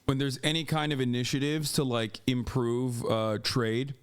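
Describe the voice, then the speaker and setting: A man's voice: mid-range voice, level tone, moderate pace, smooth. A man hosting a live reaction stream, talking casually and breaking into heated, profane rants. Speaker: streamer host.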